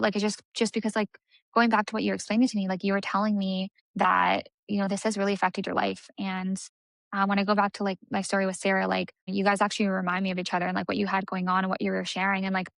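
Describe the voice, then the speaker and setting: The young aesthetics business coach has a creaky, fairly bright mid-range voice with little pitch movement, and she talks fast in a dry recording. Her casual lesson is chatty and filler-heavy with "like," and she acts out client voices.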